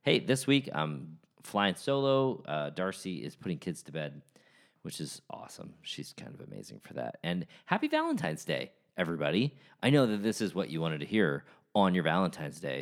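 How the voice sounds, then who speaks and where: Low-pitched man, forties, podcast host, easygoing and chatty with restarts. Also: big pitch swings, moderate pace. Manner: casual, joking, restarts often. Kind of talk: solo podcast talk.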